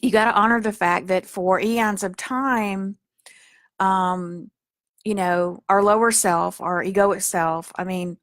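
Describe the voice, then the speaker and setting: A woman's voice: mid-range voice, no room sound, clean studio sound. A woman teaching spiritual healing in a soothing, earnest way, with frequent fillers as she talks. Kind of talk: spiritual guidance talk.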